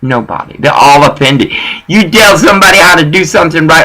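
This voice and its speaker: A man rambles through a casual, profane story, and his pitch swings widely from line to line. His voice has a gravelly fry and a raspy, husky grain. It also sounds bright and tense. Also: fairly quick, rough recording. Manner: profane, animated storytelling that mixes in bits of Spanish.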